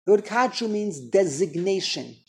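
Gravelly man giving a chatty Torah class. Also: high-pitched, lively intonation, normal speed. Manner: digressive, chatty, self-deprecating. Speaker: Torah teacher.

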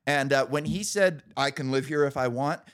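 A man in his thirties, a podcast host telling stories in casual chat, animated, laughing often and swearing casually. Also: medium pitch, moderate pace.

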